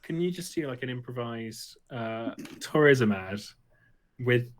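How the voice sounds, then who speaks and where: A man's voice: mid-range voice, a little slow. A man teasing his friends playfully in a casual podcast chat. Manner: playful, teasing, lively delivery.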